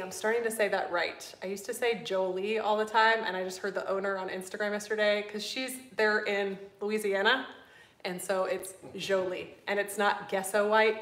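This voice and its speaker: A middle-aged woman hosting a live stream, chatting with her viewers in a fast, bubbly way and running out of breath. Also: mid-range voice, a bit bright. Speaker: host. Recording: echoey room.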